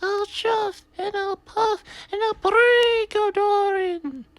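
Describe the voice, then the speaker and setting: A man's voice: very high voice, steady tone, slow pace, a bit bright, no echo, voice pushed up, heavily acted. A man voicing a small male engine pretending to be a ghost, with spooky wailing shrieks.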